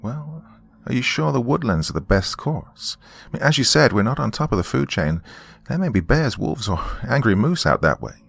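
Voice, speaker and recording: A man's voice: sing-song, moderate pace, vocal fry, hardly any pauses, slightly rough, dry recording, full character voice. A man putting on a scared young girl's voice. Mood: pleading. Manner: high pleading voice. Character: frightened thirteen-year-old girl.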